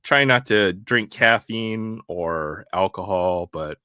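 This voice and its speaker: A man's voice: low voice, takes it slowly, pushed and bright, smooth, dry recording, studio quality. A man hosting a live stream, chatting casually, often laughing. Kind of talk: casual chat.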